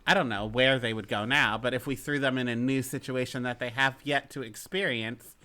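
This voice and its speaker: A young woman with a strikingly low voice and a bright, forceful edge co-hosts a casual podcast. She is chatty and teasing and drops quick asides. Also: fairly even intonation. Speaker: podcast co-host. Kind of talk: casual chat.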